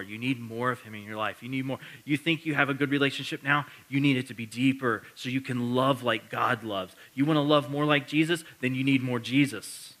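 Man, pastor, sermon, bright tone, earnest, emphatic repetition, casual asides. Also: mid-range voice. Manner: casual, self-correcting asides.

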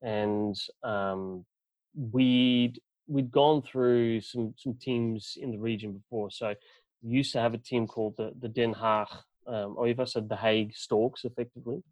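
A man's voice: mid-range voice, fairly even intonation, a little slow, a little mellow, dry recording, low-quality recording. A Dutch man with a partly Australian accent, a guest chatting casually and rambling with many fillers. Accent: Dutch speaker with a partly Australian accent. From Netherlands. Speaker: guest, club representative. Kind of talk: casual podcast chat.

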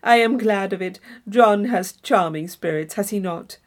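A woman's voice: medium pitch, moderate pace, lightly acted. A woman reading an audiobook, voicing a proud, doting middle-aged mother with a complacent, boastful manner.

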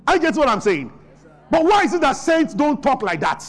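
A man's voice: very high voice, sing-song, fairly quick, faint music behind. A man preaching a sermon as pastor, asking the congregation questions and answering them himself.

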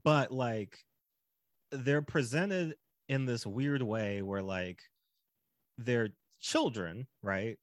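A man hosting a podcast, talking through a film in a relaxed, rambling way with lots of "like". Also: mid-range voice, very slow, long pauses, no echo, clean studio sound. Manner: relaxed and rambling, heavy use of "like". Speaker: podcast host. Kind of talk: casual film discussion.

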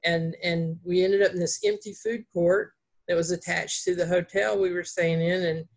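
A woman's voice: lowish voice, steady tone, moderate pace. A woman author from North Carolina with a Southern accent, telling rambling stories in a casual chat, with many fillers and restarts. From Greensboro, North Carolina.

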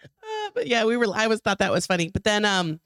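Brash, animated woman co-host in a dry room. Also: medium pitch, brisk, smooth, no room sound. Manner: brash, swearing, animated storytelling. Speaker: podcast co-host. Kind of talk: casual banter. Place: home recording room.

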